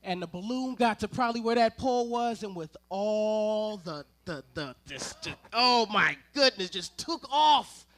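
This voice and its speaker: Bright-voiced, lively storytelling preacher man. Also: high voice, moderate pace, hardly any pauses. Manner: animated, humorous storyteller with asides to the congregation. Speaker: ministerial intern preaching. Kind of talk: sermon with personal storytelling. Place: church service before a congregation.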